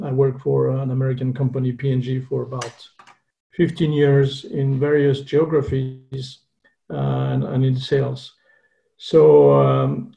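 A man in his sixties with a French accent speaks slowly, in a gravelly, mellow voice. He stops and restarts often while introducing himself. The sound is dull, lo-fi video-call audio. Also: medium pitch. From France. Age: 60s. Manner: halting, many fillers and restarts. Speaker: investor panelist.

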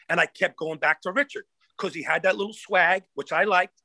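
A man's voice: high voice, normal speed, creaky, no echo. A middle-aged man, a former college football coach, telling stories as a podcast guest and acting out the people he quotes. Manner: animated storyteller who acts out the people he quotes. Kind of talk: casual storytelling in a podcast interview.

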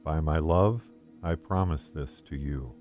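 A man reading a devotional text aloud in the first person, in a calm, gentle and measured way. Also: extremely low pitch, soft background music. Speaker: devotional reader.

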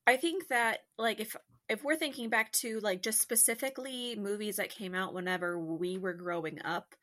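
Bright-voiced woman chatting with fillers. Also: mid-range voice, moderate pace. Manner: laughing, searching for words, filler-heavy. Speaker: podcast co-host. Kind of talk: casual chat.

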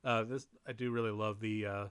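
A man chatting casually while watching a movie with friends, excitable, laughing often and swearing in mock outrage. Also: lowish voice, a little fast, smooth, no echo, studio quality. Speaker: movie commentary co-host.

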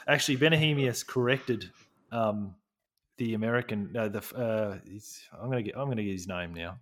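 A man's voice: lowish voice, fairly quick. A young man co-hosting a podcast in casual chat. He laughs often, swears freely and keeps restarting his sentences. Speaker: podcast co-host.

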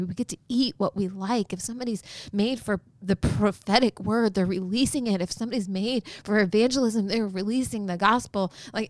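A woman co-hosting a faith podcast, telling an excited story in casual chat. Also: mid-range voice, dry recording. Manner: excited storytelling, fast and expressive. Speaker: podcast co-host.

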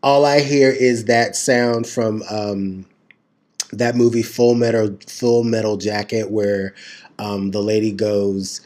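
A man's voice: on the low side, little pitch movement, slow pace, a little mellow. A man co-hosting a casual podcast, rambling playfully and correcting himself often. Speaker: podcast co-host. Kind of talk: casual chat.

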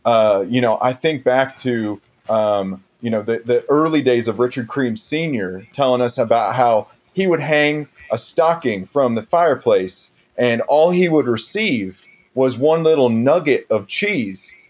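A man's voice: mid-range voice, expressive, a little slow, few pauses. A man playing an earnest political candidate who hedges, leans on fillers and turns sappy. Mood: sentimental. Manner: hedging, filler-heavy, sappy. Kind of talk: improvised comedy interview.

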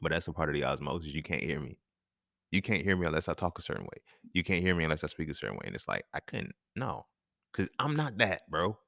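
Man, deep voice, lively swooping pitch, dry close sound, profane casual monologue, young adult. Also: fast, gravelly, no echo. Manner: animated, profane, laughs often. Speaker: podcast host.

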